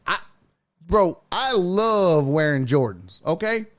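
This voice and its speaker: A man's voice: medium pitch, slow, long pauses, dry recording. A man hosting a casual live-streamed sports show, ranting and cursing freely. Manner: profane, ranting, animated.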